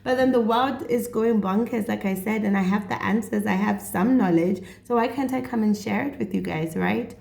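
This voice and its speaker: A woman's voice: mid-range voice, moderate pace, gravelly, hardly any pauses, darkish tone, echoey room. A woman in her thirties with a Setswana accent, talking to camera in an earnest, chatty way as a mental health vlogger. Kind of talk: casual direct-to-camera talk.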